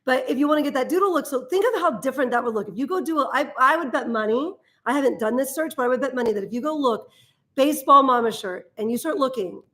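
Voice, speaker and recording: A woman with a somewhat high voice talks through a live stream in a relaxed, chatty way. She explains step by step, restarts her sentences now and then, and laughs easily. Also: fast talker. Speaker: host. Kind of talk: casual live-stream teaching.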